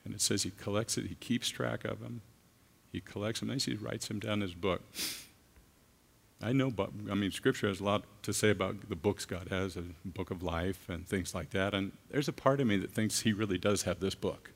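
A man preaching a sermon as a guest speaker, earnest and halting, with frequent restarts. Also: fairly low pitch, creaky. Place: church. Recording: long reverb of a large hall.

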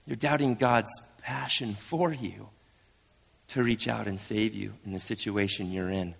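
A man's voice: fairly low pitch, measured pace, vocal fry, husky. Earnest 30s pastor guy, chatty sermon, lots of restarts, big echoey church. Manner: earnest, conversational, with frequent restarts.

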